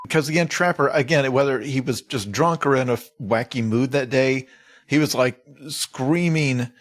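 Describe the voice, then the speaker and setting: A man's voice: medium pitch, normal speed. A man co-hosting a comedy podcast, riffing in a rambling way, laughing through his words. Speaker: podcast co-host. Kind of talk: casual comedic chat.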